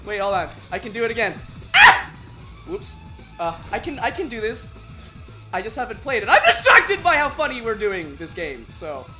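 A woman hosting a let's-play, reacting excitedly and squealing while she plays and chats. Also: a little high, moderate pace. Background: game music.

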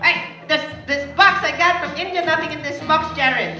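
A woman's voice: sits high, moderate pace, echoey room. Woman, Filipino accent, party magician, teasing and coaxing, distant mic, music and crowd noise. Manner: playful, teasing, coaxing children. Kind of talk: live kids' party magic show.

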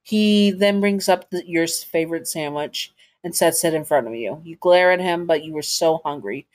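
A woman's voice: low-pitched, normal speed. A woman narrating a second-person audio story to the listener, with casual asides.

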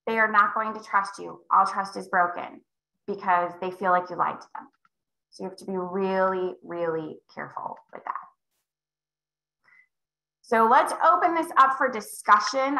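A woman's voice: mid-range voice, gravelly, echoey room, low-quality recording. A woman in her forties coaching real estate agents in a live online session, acting out little scenes as she teaches. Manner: animated storytelling, acting out dialogue in shifting voices. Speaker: real estate sales trainer.

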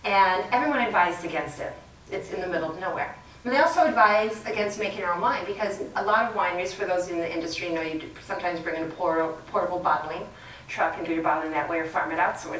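A middle-aged woman giving a leadership talk to an audience, chatty and quick to laugh. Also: on the low side, a bit bright. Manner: chatty, laughs often, plays with the crowd. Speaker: guest speaker. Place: lecture room with audience. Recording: roomy sound from a distant mic, faint background noise.

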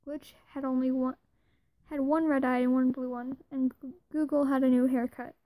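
A woman reads a fan fiction story aloud in a plain, even way. Her voice sits high but stays flat, with a mellow, dark tone. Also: moderate pace, no echo, poor audio. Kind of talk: reading a second-person fan fiction story.

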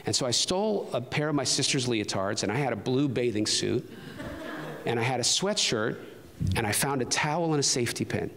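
Male pastor, mid-pitched, earnest storyteller turning fervent; preaching in a church with long reverb. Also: animated, a little fast, a bit bright. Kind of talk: personal testimony sermon. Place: church sanctuary. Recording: long reverb of a large hall.

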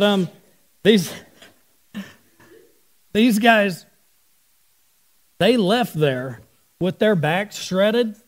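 A middle-aged man, a pastor, preaching a sermon and telling stories in a conversational way, talking directly with his congregation. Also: high voice.

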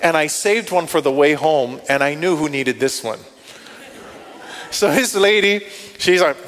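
A male pastor telling stories in a sermon, animated, acting out what people said and thought. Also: a little high, moderate pace. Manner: animated, acts out quotes and inner thoughts. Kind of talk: storytelling sermon. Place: church sanctuary. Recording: long hall reverb.

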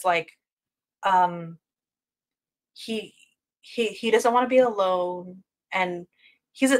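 A woman's voice: fairly low pitch, a bit bright. A woman hosting her own review channel, chatting casually about a TV episode in a rambling way, with lots of fillers and self-corrections. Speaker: book and TV review channel host.

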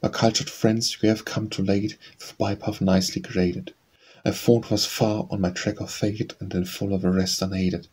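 A man reciting poems for an audiobook in a steady, measured reading style. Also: lowish voice, husky. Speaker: audiobook reader. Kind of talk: poetry recitation.

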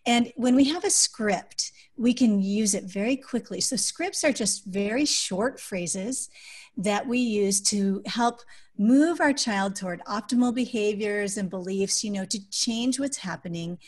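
Soft-spoken woman giving parenting advice. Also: mid-range voice, measured pace. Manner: warm, explaining with practical examples. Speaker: guest, adoptive parent and author. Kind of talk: podcast interview conversation.

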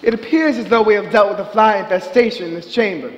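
A proper, curious asylum doctor, played by a man on stage speaks in clipped, formal sentences. His voice sits high for a man. The long reverb of a theatre hall trails behind him. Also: natural voice. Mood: composed. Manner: formal, measured, clipped diction. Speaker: stage actor. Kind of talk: live stage acting.

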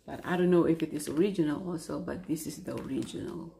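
A woman vlogger chatting casually while she tastes snacks, unhurried and talking between bites. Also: sits low, creaky, dark tone, slight background noise. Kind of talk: casual food-tasting vlog.

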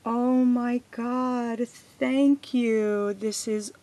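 A woman's voice: on the high side, fairly even intonation, extremely slow, dark tone. A middle-aged woman unboxing a gift package in a vlog at her home desk, gushing with effusive thanks. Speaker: crafting vlogger. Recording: noisy home recording with paper rustling.

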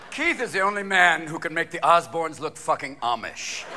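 A male stand-up comedian, manic and fast, with a high voice that swoops wildly up and down. He shouts and slips into quick character voices. The recording is live from a theater, with loud crowd laughter and noise behind him. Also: sing-song. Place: theater stage before a live audience. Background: audience laughter.

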